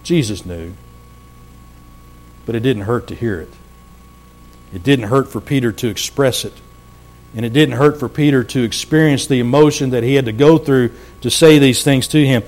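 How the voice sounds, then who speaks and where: Man, pastor, sermon, earnest, emphatic pauses. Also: mid-range voice, darkish tone.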